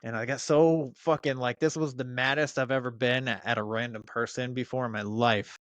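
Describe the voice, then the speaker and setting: Guy in his 30s, smooth clear voice, cusses a lot, lots of um and like, chatty podcast vibe. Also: medium pitch, fairly even intonation, a little fast, fairly bright tone, no echo. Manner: profane storytelling with frequent fillers and restarts. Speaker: podcast guest. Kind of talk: casual chat.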